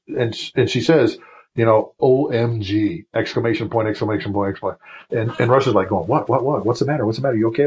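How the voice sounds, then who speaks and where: A retired officer in his fifties tells long stories as a podcast guest, wandering through asides and restarts and turning emotional. His voice sits low. It has a husky, slightly rough grain. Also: poor audio. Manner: rambling, emotional anecdotes with many restarts. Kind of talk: storytelling in a casual interview.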